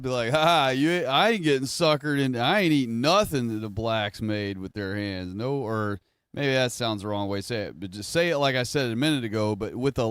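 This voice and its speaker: A smooth, mid-range male voice comes through a dry recording. He's a streamer giving a casual livestream monologue, rambling, self-correcting and conversational with his audience.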